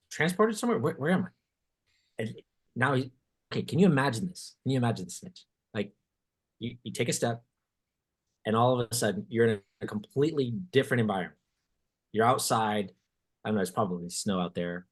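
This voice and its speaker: A man hosting a podcast, telling a story in casual chat, animated and swearing casually, acting out what people said. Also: mid-range voice, moderate pace, pauses often, slightly rough. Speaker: podcast host.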